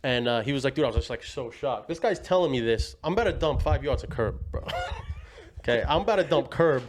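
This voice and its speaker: A man's voice: mid-range voice, huge pitch swings, fairly quick, a little hiss or hum. A young man telling family stories in a rambling, slangy way, laughing as he goes. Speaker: guest. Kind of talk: casual storytelling.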